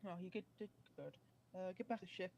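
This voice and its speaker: A woman's voice: fairly low pitch, fast, vocal fry, a little mellow, slight background noise. A woman playing in a tabletop game, giving short, decisive in-character replies. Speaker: player. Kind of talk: casual in-character play.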